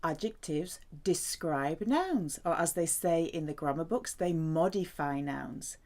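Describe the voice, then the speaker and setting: A woman from the UK teaching a French lesson, saying each word slowly and repeating it with careful emphasis. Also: sits low, expressive, a little mellow. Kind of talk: slow, deliberate language lesson.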